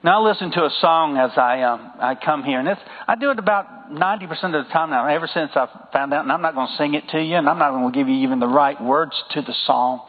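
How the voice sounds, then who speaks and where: A high-voiced man with a Southern accent preaches in an easy, conversational way and keeps calling for amens from the pews. His voice comes through thin and phone-like, with a long reverb trailing after it. It sounds like a sanctuary heard over a narrow line. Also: quick pace, hardly any pauses. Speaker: pastor. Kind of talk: sermon.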